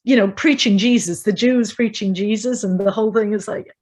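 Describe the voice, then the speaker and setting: An Irish woman in middle age chats about literature in an animated, storytelling way. She slips into other people's pub talk as she goes, and her pitch sits in a middle register. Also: fairly quick. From Ireland. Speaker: podcast guest. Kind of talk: casual literary discussion.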